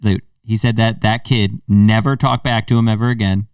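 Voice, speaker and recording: A man's voice: lowish voice, moderate pace, smooth, dry recording, studio quality, distant mic. A man in his thirties hosting a podcast, telling a story casually and acting out the voices in it. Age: 30s. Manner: animated storyteller, acts out quotes. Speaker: podcast host.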